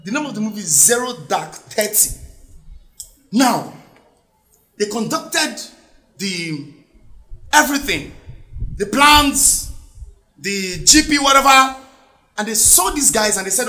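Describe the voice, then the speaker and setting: A Nigerian man performing stand-up comedy, his very high voice swooping up and down as he tells stories in English mixed with Pidgin. His tone is bright and sharp, and it rings out in an echoey venue. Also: slow, long pauses, faint music behind. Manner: animated storytelling, mixing English and Pidgin, sudden shouts. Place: stage in front of a live audience.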